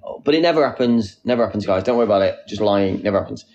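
A man's voice: lowish voice, expressive, very fast, a little mellow, muffled recording, slight background noise. A man chatting casually on a live stream, reading out viewers' comments and answering them. He sits outdoors on a wall and talks into a phone.

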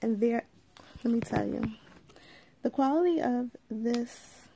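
A woman hosts a relaxed live stream, taking her time and greeting each viewer by name. Her voice sits a little high but has a mellow, darker tone with a gravelly edge. She talks in an easygoing, drawn-out way, full of asides. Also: a little hiss or hum. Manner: slow, drawn-out delivery with frequent asides. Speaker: livestream host. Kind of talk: casual live unboxing chat.

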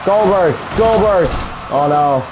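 A young man casually commentating a video game he is playing, calling moves with excitement, shouting at big moments and muttering asides to himself. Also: high-pitched, slow. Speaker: gaming video creator.

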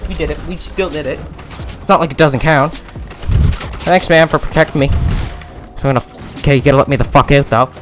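A young man commentating his own gameplay, cursing and shouting in bursts, close to the mic. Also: on the high side, brisk, long pauses. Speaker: gaming video creator. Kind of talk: profane live gameplay commentary. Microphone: close mic, breathing into it. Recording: game music playing behind.

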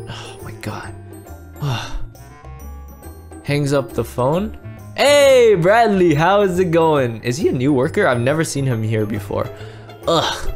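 A man hosting a casual game roleplay as a dad, excitable and rambling, full of exclamations. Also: on the high side. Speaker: roleplay host playing a dad.

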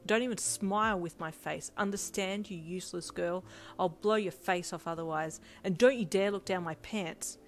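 A woman's voice: lowish voice, moderate pace, natural voice. A woman reading a storybook voices the insulting message of a hot-tempered teenage boy. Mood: angry. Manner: insulting, bossy.

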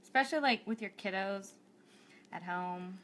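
A woman's voice: medium pitch, normal speed, a bit bright, slight background noise. A woman hosting a cake decorating tutorial livestream, bubbly and chatty, thinking aloud as she works.

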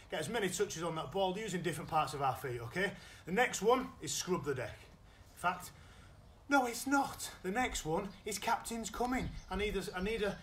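A man with a British accent coaching children's football in a live online session, giving energetic, encouraging instructions. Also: high voice, echoey room, a little hiss or hum, low-quality recording. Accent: British English. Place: indoors at home.

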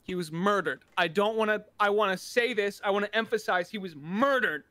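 A man's voice: high voice, fairly quick, sharp tone, no echo. A man speaking in a theatrical, mock-grieving tone as he delivers a comedic eulogy in a game roleplay over voice chat. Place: online voice chat during a game.

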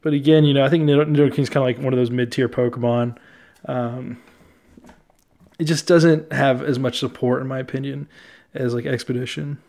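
A man's voice: mid-range voice, fairly even intonation, a little fast, darkish tone. Man, young adult, casual collector commentary, chatty, easily amused, lots of fillers. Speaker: card collector showing his collection.

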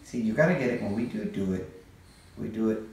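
A man's voice: on the low side, brisk, darkish tone. A man in his forties, a father and vlog host, coaxing his child in a playful, repetitive way during casual family chat at home. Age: 40s. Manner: coaxing, playful, keeps repeating himself. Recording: echoey room, mic far off, faint hiss.

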